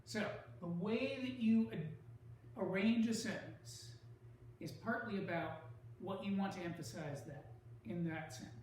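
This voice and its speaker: Measured male writing teacher, roomy sound. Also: sits high, a little mellow, recorded from a distance, slight background noise. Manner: measured, explanatory, leans on key words. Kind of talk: recorded online lecture.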